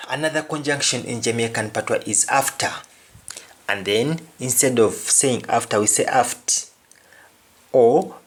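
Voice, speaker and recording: Male language tutor, unhurried, repeats every example, mid-range voice. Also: medium pitch. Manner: slow, repeats each word and phrase. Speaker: language teacher. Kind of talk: explaining vocabulary with examples.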